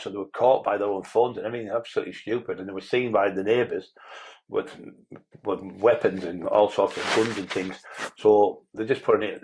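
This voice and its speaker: A man's voice: fairly low pitch, a little mellow, low-quality recording. A man, a podcast guest telling rambling stories in a blunt way and swearing freely. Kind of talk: casual interview storytelling.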